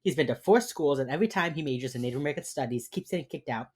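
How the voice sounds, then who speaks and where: A woman's voice: deep voice, animated, very fast, a little mellow, slightly rough. A woman co-hosting a podcast, chattily retelling a TV episode with lots of fillers. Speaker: podcast co-host. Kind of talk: casual chat recapping a TV episode.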